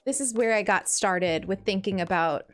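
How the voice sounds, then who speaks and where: A young woman from New York with a light New York accent, chatting casually with her stream audience while she plays, bubbly and quick to laugh. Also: medium pitch, faint music behind. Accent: New York, softened. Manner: bubbly, chatty, laughs often, restarts words. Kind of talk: casual chat while gaming.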